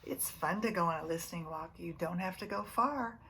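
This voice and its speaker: Soft-spoken preschool teacher reading aloud, low-voiced woman. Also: brisk, a little hiss or hum. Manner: soft-spoken, often dropping to a near whisper; gently asks the children questions. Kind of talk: reading a picture book aloud to children.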